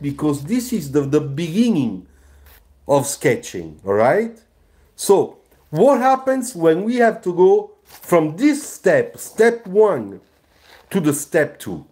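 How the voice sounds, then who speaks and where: Male design teacher; slow, lively delivery, keeps asking "you see?". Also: a little high. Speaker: car designer teaching sketching. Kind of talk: live drawing tutorial.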